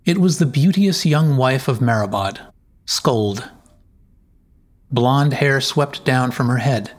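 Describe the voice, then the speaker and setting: Male narrator, slow deliberate storybook reading, mid-pitched voice. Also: lively intonation. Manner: measured, deliberate.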